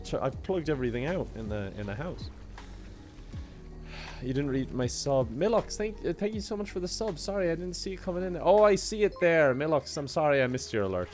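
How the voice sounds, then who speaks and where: A man's voice: a little high, expressive, fairly quick, a little mellow, soft background music. Chatty man streaming a game. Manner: chatty, laughs often, thanks viewers by name. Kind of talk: casual gaming livestream chat.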